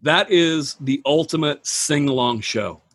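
A man in casual podcast chat, telling animated, rambling stories about bands. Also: on the high side, measured pace, no room sound, clean studio sound.

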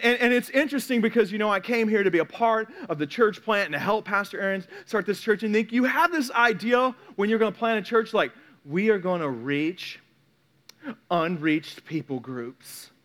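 A man preaching a sermon as a pastor, animated, often repeating words and acting out quoted voices. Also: high-pitched.

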